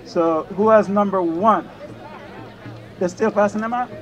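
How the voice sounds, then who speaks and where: A man from Mali making informal, soft-spoken announcements as an organizer at an outdoor rally. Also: sits high, unhurried, muffled recording. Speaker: rally organizer reading out names. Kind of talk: casual announcements. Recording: outdoor rally with crowd and music.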